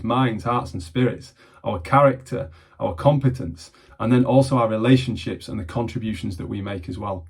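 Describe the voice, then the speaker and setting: A man from England talks earnestly and reflectively to camera in the manner of a mentor. His voice has a slightly husky grain at a mid pitch. He often doubles back on words as he restarts his phrases. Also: a little mellow. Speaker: mentor and vlogger.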